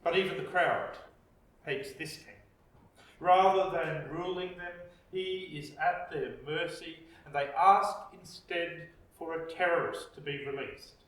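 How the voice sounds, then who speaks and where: A man with an Australian accent preaching a reflective sermon as pastor, slow with dramatic pauses. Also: fairly high pitch, a bit bright. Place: church. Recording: echoey church, distant mic.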